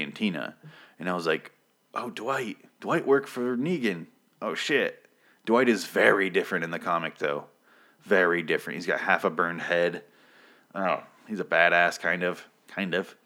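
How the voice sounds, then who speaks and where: A man with a somewhat low voice recaps a TV episode in a loose, rambling way. He is sardonic and swears freely, sometimes jumping into brief acted-out outbursts for the characters. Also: fairly even intonation, normal speed, sharp tone. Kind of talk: casual spoken recap, rambling.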